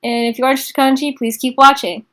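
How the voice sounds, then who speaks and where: A young woman teaching a casual beginner class in an informal, chatty way, slowing down to repeat phrases. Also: high-pitched, little pitch movement, a bit bright. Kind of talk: casual online lesson.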